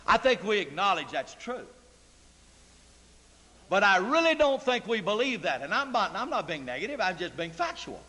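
A man's voice: high voice, very animated, moderate pace, pushed and bright. A man preaching a sermon in a church, emphatic and full of rhetorical questions to the congregation. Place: church sanctuary. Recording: long church reverb.

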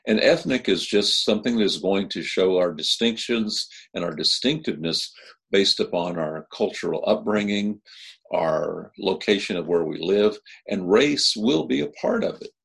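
A man from Kansas giving a recorded sermon as pastor, speaking in an earnest, measured way and rising in pitch to stress key words. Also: gravelly, a bit bright, breathy edge.

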